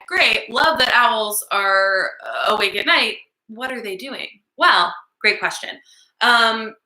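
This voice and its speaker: A woman's voice: on the high side, bright, forceful tone, roomy sound. A young woman teaching a virtual circle time lesson to small children, with a playful, sing-song way of talking. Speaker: preschool teacher.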